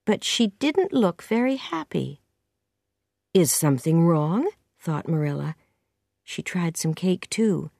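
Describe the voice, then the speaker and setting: A woman narrating a simple storybook in a clear, slow, careful way. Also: on the low side, sing-song, darkish tone, dry recording, clean studio sound. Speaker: audiobook narrator. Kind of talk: scripted narration of a simple reader.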